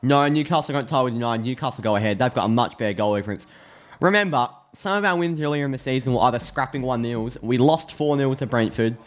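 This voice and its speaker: An Australian man giving a chatty, excitable live reaction to a football match, thinking aloud and restarting his sentences. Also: medium pitch, quick pace. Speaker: football streamer.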